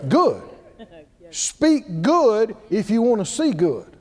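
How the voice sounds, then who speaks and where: Male preacher, high sing-song delivery, unhurried; long hall reverb. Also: wildly swooping pitch. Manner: emphatic call-and-response preaching. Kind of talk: sermon.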